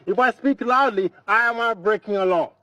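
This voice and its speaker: A man's voice: high-pitched, normal speed, bright, forceful tone. Insistent man, muffled phone recording. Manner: insistent, repeats the same question over and over. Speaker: driver stopped by police. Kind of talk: heated roadside argument. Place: inside a parked car at night.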